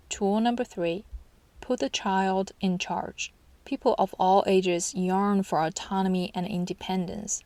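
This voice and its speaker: A woman reading a scripted parenting book summary in a calm, steady, instructional way. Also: mid-range voice, no room sound. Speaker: parenting channel narrator.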